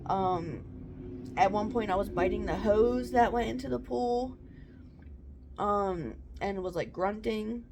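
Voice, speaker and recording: A woman's voice: mid-range voice, takes it slowly, background noise. A young woman casually telling a personal story to camera, chatty with lots of "um" and "like". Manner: chatty, many "um" and "like" fillers. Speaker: mom vlogger.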